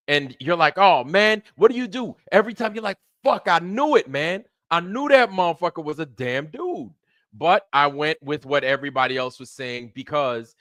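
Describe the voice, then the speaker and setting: Male streamer, mid-pitched, casual profane rant, emphatic and repetitive, dry close sound. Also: a bit bright, no echo. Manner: profane, repetitive and emphatic, with frequent rhetorical questions. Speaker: streamer hosting a show.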